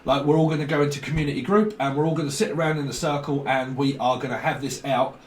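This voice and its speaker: A man's voice: a little high, quick pace, reverberant, far from the mic, a little hiss or hum. A man gives a tarot reading, rambling and free-associating, full of fillers and swearing. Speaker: tarot reader.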